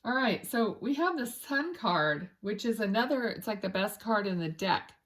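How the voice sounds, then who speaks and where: This psychic medium's tarot reading is animated, delivered in a mid-range voice at a moderate pace. Casual and rambling, she often hunts for words and restarts, and she murmurs softly to spirit between cards.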